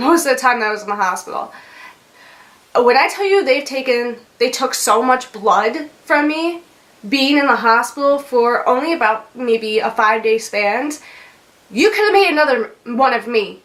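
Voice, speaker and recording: A woman's voice: on the high side, a bit bright. A young woman vlogger telling a story in a chatty way, with lots of fillers, laughs and swearing. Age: young adult. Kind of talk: casual storytime.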